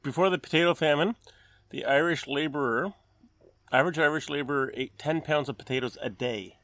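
A man's voice: a little high, a little fast, fairly bright tone. A middle-aged man co-hosting a podcast, chatting casually and easily, sharing bits of food trivia. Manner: easygoing, offers trivia. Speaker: podcast co-host. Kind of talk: casual chat. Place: outdoors at a backyard gathering.

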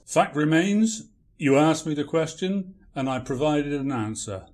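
An actor playing a grumpy, irritable writer with a curt, dry way of talking. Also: male voice, a little high, unhurried, darkish tone, natural voice. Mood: wry. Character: grumpy, irritable male writer named Kilter.

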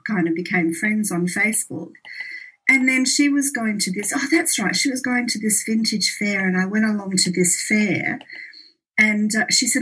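A woman's voice: medium pitch, fairly quick, sharp tone, husky, poor audio. A middle-aged woman chatting casually, telling rambling anecdotes and laughing as she goes. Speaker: podcast co-host, mother. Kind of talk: casual storytelling chat.

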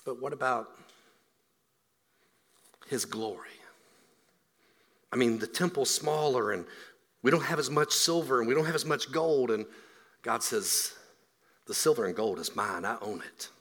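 A man preaching a sermon as a pastor, swinging from hushed, quiet lines to loud, emphatic build-ups. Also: mid-range voice, lively intonation, a little slow, pauses often. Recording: long hall reverb.

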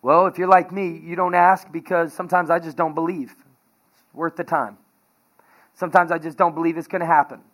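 Lively conversational male preacher. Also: on the high side, normal speed. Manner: energetic, conversational preaching with anecdotes and laughter. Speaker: pastor. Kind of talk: sermon.

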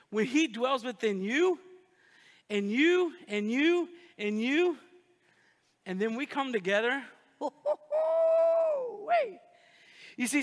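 A man preaching from the pulpit of a large church, his voice high and bright, with a folksy, animated delivery. He keeps calling out to the congregation, and a long hall reverb trails behind every phrase. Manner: folksy, animated preaching with audience call-outs. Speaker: pastor. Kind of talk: sermon.

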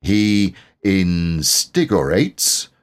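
A man's voice: low voice, lively intonation, heavily acted. A man doing Eeyore, a gloomy old donkey. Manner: slow, heavy, solemn drawl. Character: gloomy old male donkey, slow and scornful.

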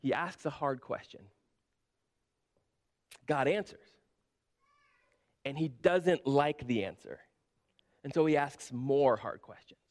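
A man preaching a sermon in a casual, animated storytelling way, often saying "like". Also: mid-range voice, slow pace, long pauses. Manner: conversational, animated retelling with frequent "like". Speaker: pastor.

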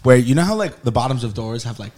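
A man's voice: medium pitch, animated, quick pace, darkish tone. A man joining a podcast as a guest, playful and chatty in casual banter, holding a mic. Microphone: handheld podcast mic.

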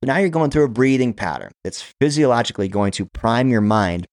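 A man hosting a podcast, coaching listeners through counted breathing and prayer in a steady, guiding way. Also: medium pitch, brisk, dry recording, clean studio sound. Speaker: podcast host.

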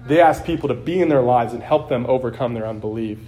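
A man's voice: mid-range voice, fast, warm tone. A man preaching a sermon as pastor, earnest and conversational, acting out quotes along the way.

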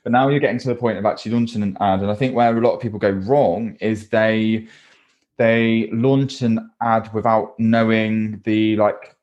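Low-voiced man with a light Bristolian accent. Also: moderate pace, lo-fi sound. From Bristol, England. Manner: relaxed, rambling, self-deprecating. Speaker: podcast co-host. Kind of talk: casual podcast chat.

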